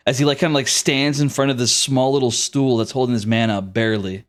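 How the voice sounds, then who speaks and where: A man's voice: mid-range voice, steady tone, fairly quick, hardly any pauses. A man narrating a tabletop game as game master, with easygoing, descriptive storytelling.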